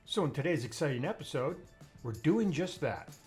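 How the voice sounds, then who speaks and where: A man's voice: a little high, expressive, moderate pace, a little mellow, breathy edge, faint music behind. A man from the Chicago area hosting a home cooking video, talking in a dry, wry, matter-of-fact way. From Chicago area, USA. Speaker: cooking show host.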